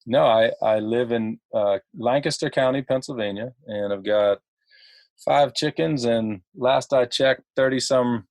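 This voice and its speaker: A man's voice: mid-range voice, darkish tone, dry recording. Man, middle-aged, from ohio, rambling storyteller, lots of um and uh, dry close mic. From Ohio, USA. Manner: halting, chatty storyteller with many fillers and laughs. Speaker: podcast guest, entrepreneur. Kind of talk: casual podcast chat.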